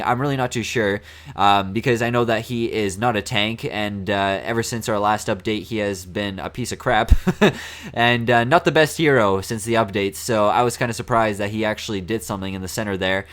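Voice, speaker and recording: A young man with a hoarse, raspy voice today, chatting casually through gameplay commentary into a desk microphone, laughing often between filler words. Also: fairly low pitch, normal speed, fairly bright tone. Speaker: gaming commentator.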